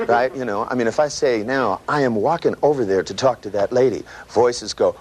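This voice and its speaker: A man giving a live seminar lecture, animated and profane, acting out voices and sound effects as he teaches. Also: medium pitch, a little fast, few pauses. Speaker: seminar trainer. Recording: noisy live seminar recording.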